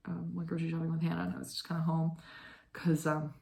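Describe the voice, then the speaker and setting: A woman in her twenties hosts a knitting podcast vlog, chatting casually and rambling with lots of fillers and "like." Her voice is low, warm and gravelly, with a level tone, and she talks fast.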